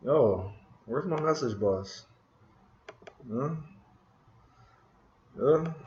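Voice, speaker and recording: Slow-talking man coding, roomy dull audio. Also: mid-range voice, lively intonation, a little mellow, slight background noise. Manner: frustrated, muttering to himself while searching. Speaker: programming screencast host. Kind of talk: casual live coding talk. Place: room at a computer. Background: keyboard typing and clicking.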